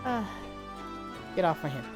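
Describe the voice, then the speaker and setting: A young woman streamer chats on a live stream while she walks, her voice swinging up and down as she tells stories. She talks from a lowish register, swears casually and answers chat aloud. Faint music plays underneath. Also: measured pace. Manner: animated storytelling, swears freely, reads chat aloud. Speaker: livestreamer.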